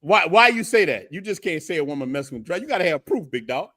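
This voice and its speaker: Man, host, casual group chat, slangy, laughs a lot, slightly raised pitch. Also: big pitch swings, fast, pushed and bright. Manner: slangy, laughs often, calls others big dog.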